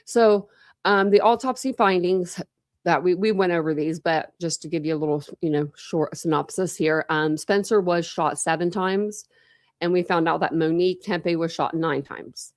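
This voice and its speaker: A woman's voice: lowish voice, normal speed, no echo, clean studio sound. A woman hosting a true crime livestream from home, talking casually with lots of fillers and restarts. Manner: chatty, rambling, many fillers and restarts. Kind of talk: casual live-stream case rundown. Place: home room with pets.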